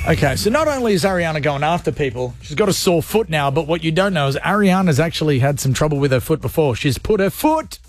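Animated, jokey radio host. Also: male voice, fairly high pitch, quick pace, few pauses. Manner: animated, jokey, mock announcer voice at times. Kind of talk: comedic radio banter.

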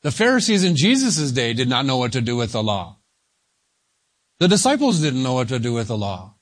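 A man preaching a sermon, slow and emphatic, leaning on single words for stress. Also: mid-range voice, sing-song. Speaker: pastor.

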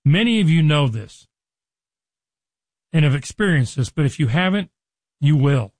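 Guy doing radio bible teaching, kinda high voice, earnest and chatty, dry close mic. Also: lively intonation, a little slow, darkish tone, no room sound. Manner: earnest, conversational, acts out voices in quotes.

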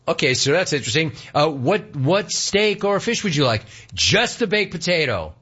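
Male radio host, lively pitch, storyteller, slightly dull lo-fi audio. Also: moderate pace, husky. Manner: animated storytelling, laughs at clips. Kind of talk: casual talk radio banter.

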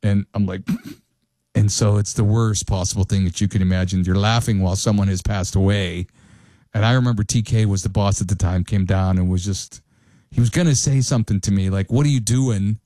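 A man's voice: low voice, fairly even intonation, a little fast, dark tone, no room sound. A male radio host telling a rambling anecdote, correcting himself as he goes and chuckling along. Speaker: radio talk show host. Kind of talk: casual radio storytelling.

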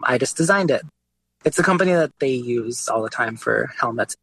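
Relaxed man telling a story. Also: medium pitch, normal speed, creaky, breathy edge, dry recording, rough recording. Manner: relaxed storytelling with frequent "like" and "you know" fillers. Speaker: guest artist. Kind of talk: casual conversational interview.

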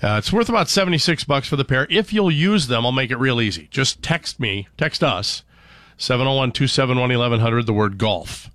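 A man's voice: medium pitch, lively intonation, fairly quick, a bit bright, no echo. A man hosting a morning radio show in a studio, chatting casually and rambling with lots of fillers and restarts.

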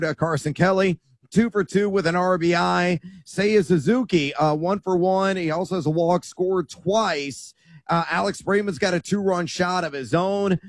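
A man's voice: high-pitched, no echo. A man analyzing baseball as a studio sports analyst, rattling off stats with frequent fillers. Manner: rapid stat rundown with frequent "uh" fillers.

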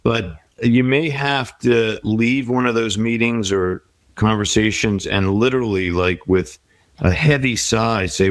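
A middle-aged man, a guest author in a conversational interview, offers life advice in a reflective, encouraging way. His mid-range voice takes things slowly, and the recording is dry.

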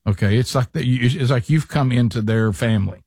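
A man's voice: mid-range voice, a little fast, a little mellow, no room sound, clean studio sound. A man hosting a talk show, telling a rambling story with lots of restarts in casual banter. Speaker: radio show host.

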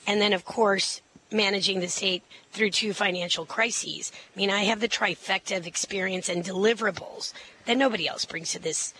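A middle-aged woman running for office, answering interview questions confidently and quickly, with many fillers and restarts. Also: medium pitch, steady tone, bright, forceful tone, slight background noise, poor audio. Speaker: mayoral candidate.

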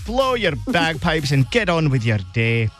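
An Australian man hosting a radio quiz, bubbly, excitable and teasing. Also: on the high side, measured pace, over music. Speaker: radio host. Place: radio studio.

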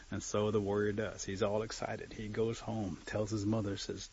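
A man telling a traditional story aloud, animated, swinging between loud and soft, with joking asides. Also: on the low side, brisk, few pauses, breathy edge. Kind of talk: oral storytelling. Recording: dull lo-fi recording.

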